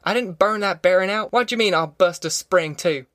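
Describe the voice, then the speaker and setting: A man's voice: on the high side, moderate pace, fairly bright tone, no echo, studio quality, lightly acted. A man voicing a touchy, defensive teenage farm boy with a rural dialect, in an audiobook. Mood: angry.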